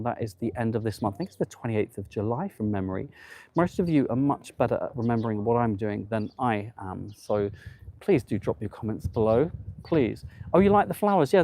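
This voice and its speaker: A man chats on a travel live stream from a seaside promenade, talking to his phone held at arm's length. His voice is mellow and warm, and he gushes, rambles and answers viewer comments as they come in. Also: medium pitch, a little hiss or hum. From United Kingdom. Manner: chatty and gushing, reads viewer comments aloud, frequent ums. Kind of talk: casual live-stream chat.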